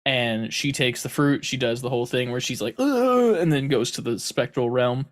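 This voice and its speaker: Man, podcast co-host, casual chat, jokey, rambling, mid pitch. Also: steady tone, normal speed. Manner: joking, rambling storyteller.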